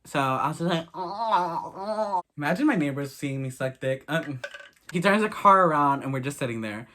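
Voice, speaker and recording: A young man with a higher, bright, forceful voice tells a story in a casual vlog. He is blunt, crude and animated, and he swears a lot. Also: brisk, a little hiss or hum. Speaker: vlogger.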